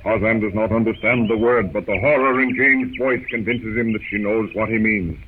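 Low-voiced radio drama narrator. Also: male voice, normal speed. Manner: dramatic storytelling. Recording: tinny old radio broadcast with hiss.

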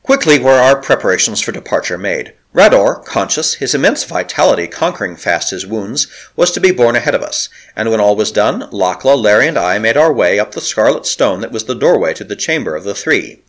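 A man narrating a novel aloud in a dramatic, expressive storytelling manner. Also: on the low side, fairly quick, hardly any pauses. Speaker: audiobook narrator.

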